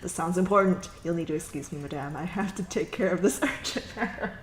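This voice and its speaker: A woman voicing a reserved young male guard captain, measured and polite. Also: fairly low pitch, slight background noise, close to an everyday voice. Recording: echoey room with music.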